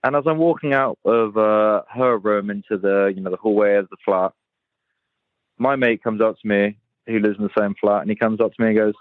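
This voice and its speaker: A man's voice: fairly low pitch, steady tone, a little fast, no room sound. A young man calling in with a rambling, casual story, full of fillers and swearing. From United Kingdom. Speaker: caller. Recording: dry, tinny phone-like line.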